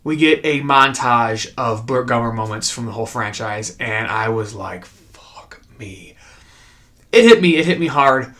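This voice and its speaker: A man's voice: mid-range voice, moderate pace, few pauses, fairly bright tone. A young man casually reviewing a horror film for his channel, openly emotional and enthusiastic, swearing freely. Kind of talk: casual spoken movie review.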